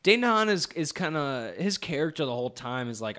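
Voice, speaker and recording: A young man co-hosting a podcast rambles through a movie plot in casual chat, swearing, laughing and acting out characters' lines. His voice is a little high, very animated, pushed and bright, moving fairly quickly with hardly any pauses.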